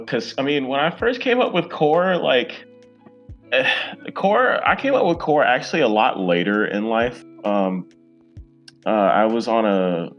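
A man's voice: on the low side, highs cut off. A man in his twenties, a guest on a podcast, chatting casually and eagerly with lots of fillers. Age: 20s. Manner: rambling and eager, many fillers. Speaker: podcast guest, comic creator.

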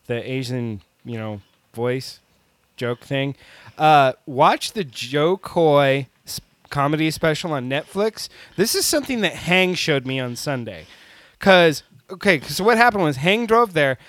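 A man co-hosting a podcast, spinning a casual story with lots of fillers and frequent laughter. His voice sits high and swings widely in pitch. The sound is dry and close. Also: a little slow, smooth, no echo. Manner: animated, laughs often, many fillers. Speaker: podcast co-host.

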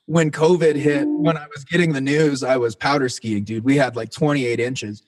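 A band singer appearing as a podcast guest tells stories in a laid-back, mid-pitched voice at a moderate pace with hardly any pauses. He talks loosely, swears freely, and keeps calling the listener "man" or "dude."

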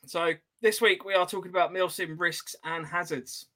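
A man co-hosting a podcast over a video call, jokey and quick to laugh. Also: sits high, fairly even intonation, pushed and bright. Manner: jokey, giggly. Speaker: podcast co-host. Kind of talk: casual chat.

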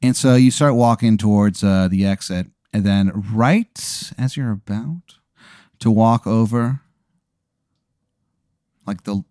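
A man's voice: fairly low pitch, slow pace, long pauses, mellow, no echo, clean studio sound. A man improvising an absurd second-person story, rambling and profane with many fillers. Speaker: comedy podcast host.

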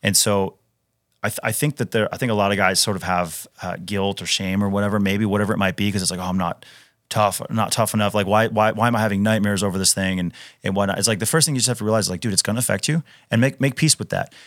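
A man in his thirties from Wisconsin, US, once a Navy SEAL, swaps casual stories on a podcast in a low, slightly bright voice, fast and fairly even in intonation. Emphatic and restless, he restarts sentences, uses many fillers and says "dude" often. The mic is close and dry, with no room sound.

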